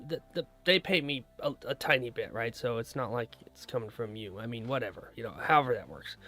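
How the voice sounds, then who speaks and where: A man's voice: medium pitch, fairly bright tone. A young American man streaming live while day trading, rambling casually and greeting viewers by name. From United States. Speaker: livestream day trader.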